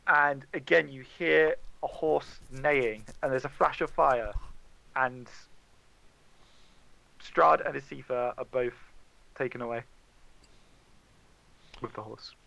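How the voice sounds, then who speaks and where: A man's voice: mid-range voice, slow, creaky, pauses often, bright, forceful tone, no echo, low-quality recording. A man running a tabletop game as dungeon master, narrating casually with many fillers.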